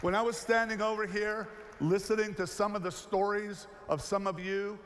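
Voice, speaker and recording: High-voiced man telling a story on stage. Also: moderate pace. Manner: animated, acts out the characters in his stories. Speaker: keynote speaker. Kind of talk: storytelling speech. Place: large hall, on stage. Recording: long hall reverb, faint noise.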